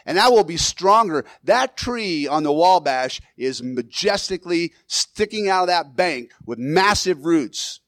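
Male pastor, sermon, fairly high voice, dry close sound, conversational, restarts. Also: animated, unhurried, few pauses, a bit bright, no echo. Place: church.

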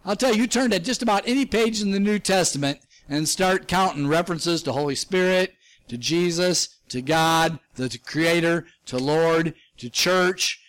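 A man with a notably high-pitched voice preaching a sermon. He teaches emphatically from slides and scripture, his voice leaping up for emphasis, with small chuckles along the way. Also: moderate pace, a bit bright. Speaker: pastor.

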